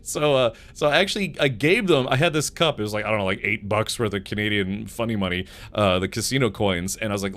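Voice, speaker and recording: A man's voice: on the low side, fast talker, few pauses, fairly bright tone. A man streaming a game live, chatting casually with his chat and telling rambling stories with frequent laughs. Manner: rambling storyteller, laughs often, talks to chat.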